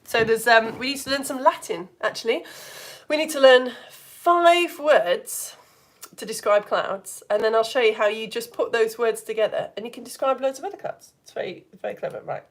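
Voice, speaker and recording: Yorkshire woman, science teacher for kids and families, bubbly and playful, slightly high voice. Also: normal speed. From Yorkshire, England. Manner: lively and playful, shifts into silly voices for actions. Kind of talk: live online lesson for all ages.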